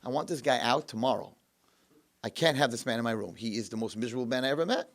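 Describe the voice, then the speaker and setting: A man's voice: mid-range voice, quick pace, natural voice. A man doing a cheerful, kind old man. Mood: firm. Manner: lively, coaxing, enthusiastic.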